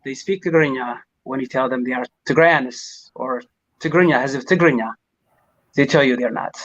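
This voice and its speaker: A man's voice: mid-range voice, moderate pace, a bit bright, no echo. A man co-hosting a talk show who speaks hesitantly, with frequent fillers. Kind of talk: casual talk show discussion. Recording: dull dry lo-fi audio.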